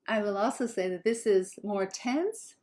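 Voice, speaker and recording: A woman with a Southern Californian accent teaches pronunciation at an unhurried pace. She speaks at a middle pitch and models each sound carefully so that learners can repeat after her. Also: expressive, a little mellow. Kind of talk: pronunciation lesson.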